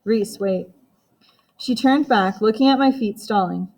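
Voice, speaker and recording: A woman's voice: a little high, moderate pace, a little mellow. Woman narrating an audiobook in first person.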